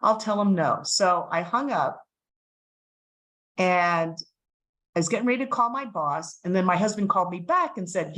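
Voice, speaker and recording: A middle-aged woman telling a personal story as a guest speaker, animated and acting out the voices of the people in it. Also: on the low side, moderate pace, long pauses, poor audio. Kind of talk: storytelling talk.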